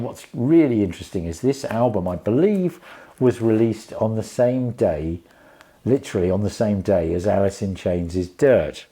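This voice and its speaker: A man's voice: fairly low pitch, mellow. A man casually reviewing a vinyl album, rambling with many fillers and restarts.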